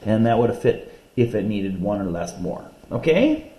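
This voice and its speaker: Low, mellow-voiced male teacher. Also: big pitch swings. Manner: patient, explains step by step, counts syllables aloud; reads poems slowly and deliberately. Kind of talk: recorded classroom reading lesson.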